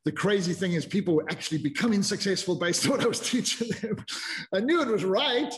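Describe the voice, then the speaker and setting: A man's voice: high voice, fast talker. A man in his fifties, a podcast guest telling his story in a candid, reflective way with frequent restarts. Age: 50s. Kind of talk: casual interview chat.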